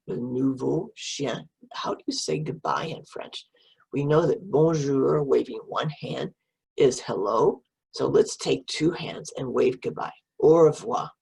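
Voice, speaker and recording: A woman's voice: very deep voice, gravelly, darkish tone, slightly rough. A middle-aged woman reading a picture book to children and coaxing them to repeat French words.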